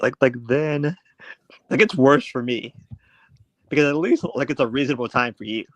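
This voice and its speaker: A man's voice: mid-range voice, moderate pace, no echo. A man co-hosting a casual podcast, arguing bluntly and matter-of-factly. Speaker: podcast co-host. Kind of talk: casual chat.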